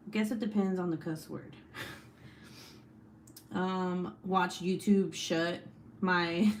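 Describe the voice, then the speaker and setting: A woman's voice: fairly low pitch, slow. Young woman, livestream host, casual chat, frequent laughter, swearing, faint background noise. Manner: laughs often, swears freely, reads chat aloud.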